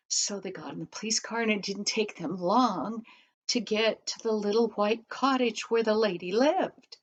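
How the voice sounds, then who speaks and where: An older woman, a grandmother, telling a children's story in a gentle way and asking her listeners questions along the way. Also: mid-range voice, unhurried. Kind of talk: bedtime story narration. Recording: dull lo-fi recording.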